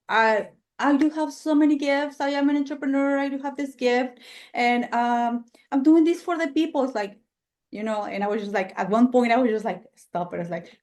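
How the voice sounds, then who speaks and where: A woman's voice: mid-range voice, a little mellow. A woman podcast host talking heatedly and emphatically in casual chat, swearing freely.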